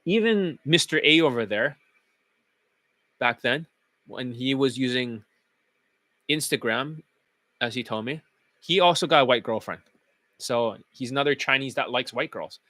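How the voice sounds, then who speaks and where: A man's voice: mid-range voice, animated, a little slow, pauses often, pushed and bright, no echo. A man who coaches dating, talking in a blunt, profane, casual monologue.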